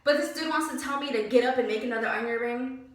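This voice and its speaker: A young woman vlogger retells a story in an animated, exasperated way, stacking up "like"s and letting out heavy sighs. Her voice sits a little high. She is recorded from a distance in a very echoey room. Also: quick pace. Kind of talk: casual storytime vlog. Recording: very echoey room, voice away from mic.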